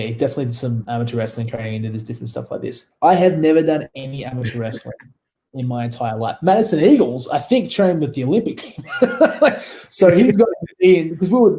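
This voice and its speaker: A man's voice: mid-range voice, expressive, fast talker, mellow. A man with an Australian accent, a wrestler telling stories in a casual interview, rambling, laughing often and swearing freely. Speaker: guest wrestler.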